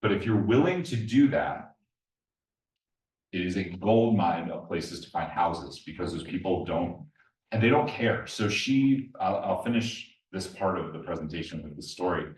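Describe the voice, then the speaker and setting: Guy presenting to a room, lowish voice, tells stories and quizzes the crowd, echoey hall, mic kinda far off. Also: animated, moderate pace. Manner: storytelling, addresses the audience directly with questions. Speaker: guest presenter at an investor meetup. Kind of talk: live presentation to an audience. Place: meeting room with a live audience.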